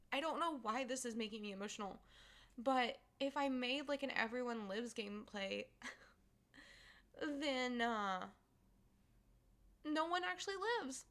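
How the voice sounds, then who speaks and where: A woman's voice: sits high, fairly bright tone. A young woman streamer chatting casually to her viewers, rambling with lots of fillers and giggles, emotional after finishing a game. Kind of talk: casual live-stream chat.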